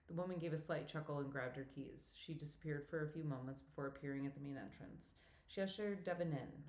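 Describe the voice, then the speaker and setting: A woman reading a romantic comedy novel aloud as audiobook narrator, in a steady, even storytelling manner. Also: deep voice, brisk, few pauses. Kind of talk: scripted narration. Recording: roomy echo.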